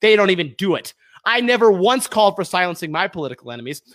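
A fired-up man hosting his own podcast, ranting heatedly and then calmly giving plugs. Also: high-pitched, quick pace. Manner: fired up, shouting accusations, then calm plugs. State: sweating, worked up. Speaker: podcast host. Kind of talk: heated political rant.

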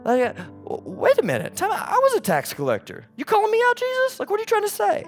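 A man's voice: very high voice, huge pitch swings, quick pace, soft background music, pitched above the performer's own voice, exaggerated voice. A man voicing a flustered male tax collector who sputters in indignation. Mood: indignant.

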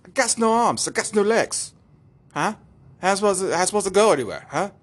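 A man's voice: high voice, expressive, fast talker, voice pushed up. A man voicing a cocky, taunting armless and legless teenage punk boy with a put-on English accent. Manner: taunting, mocking, cheeky.

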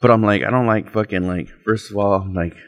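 Laid-back low-voiced man, casual chat. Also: brisk. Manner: laid-back and profane, tells anecdotes with quoted dialogue. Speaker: guest.

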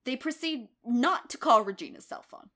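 A woman co-hosting a podcast, casually recapping a TV episode, blunt and quick to swear. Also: high-pitched, lively intonation, a bit bright. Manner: blunt, swears freely, retells scenes in a chatty way. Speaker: podcast co-host.

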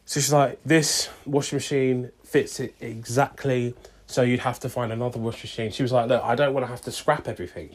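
A man's voice: mid-range voice, steady tone, brisk, breathy edge. A young man telling a long story casually, acting out both sides of a conversation with lots of "I was like" and "she's like".

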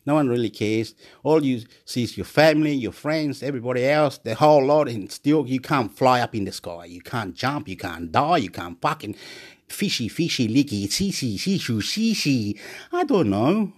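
A man from Chile, rambling in a monologue, swinging between loud excited boasting and quiet muttering and repeating words over and over. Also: mid-range voice, normal speed, hardly any pauses.

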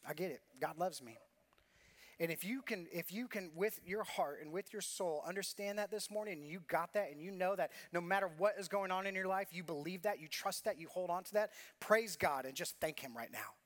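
A man's voice: high-pitched, brisk, fairly bright tone. A man preaching a sermon as pastor, earnest and confessional, telling a personal story with repeated phrases.

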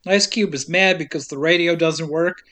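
A woman's voice: fairly low pitch, normal speed, fairly bright tone. Wry woman recapping a movie. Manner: wry, sarcastic asides, frequent laughter. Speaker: podcast host. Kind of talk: casual movie recap narration.

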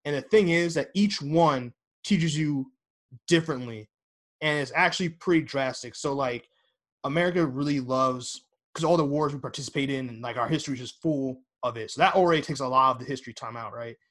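A man's voice: mid-range voice, a little fast, a bit bright. A young man hosting a casual podcast, talking in a rambling way with many fillers and restarts. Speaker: podcast host.

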